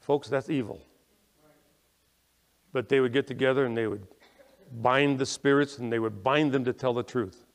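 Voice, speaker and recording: A male pastor preaching a sermon, emphatic when quoting scripture and dropping quiet to reflect, often checking in with "okay?" and restarting words. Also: mid-range voice, steady tone, moderate pace, pauses often. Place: church sanctuary. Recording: long echoing reverb of a church hall.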